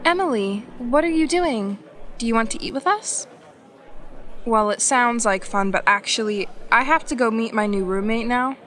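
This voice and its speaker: A woman reading scripted English practice dialogues for learners, slow and evenly paced. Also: a little high, a bit bright. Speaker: English lesson narrator.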